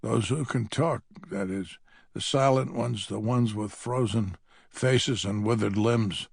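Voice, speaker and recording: A man's voice: fairly low pitch, takes it slowly, creaky, slightly rough, no echo, studio quality. A man narrating an audiobook in the first person, with a wry, grumbling manner.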